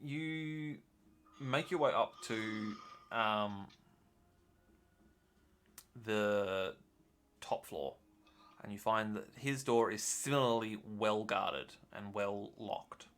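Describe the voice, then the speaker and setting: A man's voice: on the low side, extremely slow, pauses often. Man running a tabletop game. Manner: relaxed, hesitant with many fillers. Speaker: game master.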